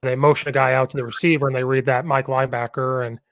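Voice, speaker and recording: A man's voice: medium pitch, little pitch movement, quick pace, creaky, a bit bright, no room sound. A man hosting a podcast and chatting casually about coaching football, telling rambling stories with a lot of enthusiasm.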